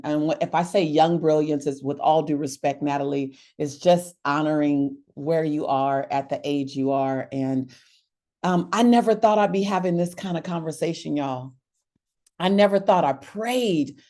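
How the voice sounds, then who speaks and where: Expressive woman hosting a motivational webinar. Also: lowish voice. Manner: expressive preacher-like cadence, rising emphasis, addresses audience directly. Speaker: webinar host.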